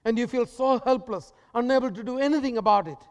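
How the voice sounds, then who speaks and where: A man preaching a sermon as pastor, emphatic and repetitive with dramatic pauses. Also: very high voice, clear, resonant tone, long reverb tail.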